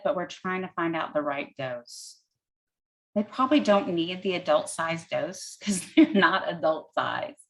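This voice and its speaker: A woman's voice: lowish voice, low-quality recording. A woman physician answering audience questions, explaining step by step in plain words with everyday comparisons and an occasional "um" as she thinks aloud.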